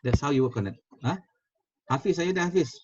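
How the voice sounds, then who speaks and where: A man's voice: fairly high pitch, expressive, fast, a little mellow. A man with a Malaysian accent teaching a Quranic Arabic class over a video call, switching between Malay and English, repeating words and quizzing his students. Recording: dull lo-fi video call audio.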